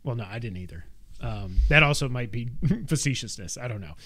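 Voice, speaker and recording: A man's voice: medium pitch, expressive, brisk, a bit bright. A man co-hosting a podcast in casual chat, joking and teasing as he jumps between topics. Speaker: podcast co-host.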